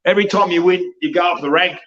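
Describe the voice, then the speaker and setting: A man's voice: high voice, fairly even intonation, quick pace, a bit bright, muffled recording. A man, a wrestling promoter talking bluntly and profanely in a rambling podcast chat, ending his lines with "mate".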